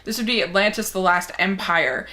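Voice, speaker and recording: Young woman chattering about films, bright clear voice, mid pitch, eager and talky. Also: normal speed. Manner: chatty and enthusiastic. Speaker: movie reviewer. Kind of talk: casual chat answering a movie tag.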